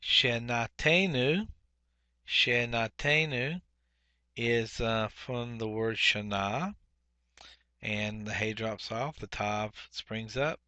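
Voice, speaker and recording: Slow, bright-voiced male Hebrew teacher. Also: lowish voice, fairly even intonation, dry recording. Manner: deliberate, repeats each Hebrew word twice, frequent "uh" fillers. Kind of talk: workbook lesson, explaining grammar.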